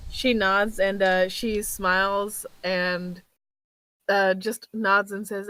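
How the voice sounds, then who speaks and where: A woman playing in a tabletop game, describing her character's actions in a lively, chatty way. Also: mid-range voice, slow pace, dry recording, low-quality recording. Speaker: player.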